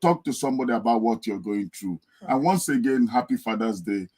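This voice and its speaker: A man's voice: mid-range voice, fairly quick, a little mellow, poor audio. A man speaking on a podcast, earnest and telling stories to make his point. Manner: earnest, storytelling, acts out a wailing wife. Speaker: guest speaker. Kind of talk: podcast discussion. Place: United Kingdom.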